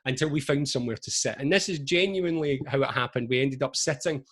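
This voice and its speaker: A man in his forties, a motivational speaker, telling stories to camera on a video call in a chatty, lively way full of asides. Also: mid-range voice, fast. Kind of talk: energetic motivational talk to camera.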